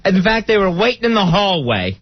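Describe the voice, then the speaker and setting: A man's voice: high voice, big pitch swings, a little fast, no room sound. A man co-hosting a radio show, tossing in dry jokes. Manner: wisecracking. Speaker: radio co-host. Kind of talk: radio banter. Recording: dull dry radio broadcast.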